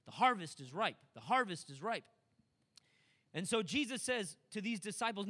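A man's voice: sits high, very animated, normal speed, bright, forceful tone. A man preaching a sermon, impassioned and building to emphatic, driving delivery. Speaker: pastor.

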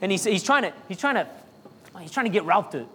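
A man's voice: high voice, animated, fast talker, fairly bright tone, breathy edge. A man preaching a sermon, talking to the congregation in a chatty way, full of jokes and asides. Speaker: pastor.

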